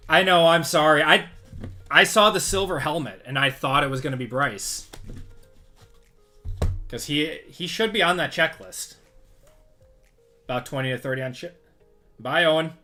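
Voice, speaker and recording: Male stream host, bright voice, upbeat list reading, faint music behind. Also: a little high, normal speed, long pauses. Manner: upbeat, rattles off lists. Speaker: card break host. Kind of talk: live-stream card break recap.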